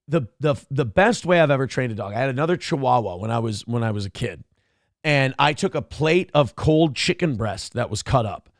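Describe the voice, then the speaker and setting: Gravelly-voiced man hosting a casual stream. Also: on the high side, no echo, clean studio sound. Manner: coaxing his dog, calling out commands; casual, swears freely. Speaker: live-stream show host. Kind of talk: casual live-stream chat.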